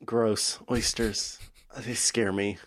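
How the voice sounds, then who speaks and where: A man's voice: fairly low pitch, level tone, slow, slight background noise. A man co-hosting a podcast in casual chat, playful and giggly, slipping into joking voices. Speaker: podcast co-host.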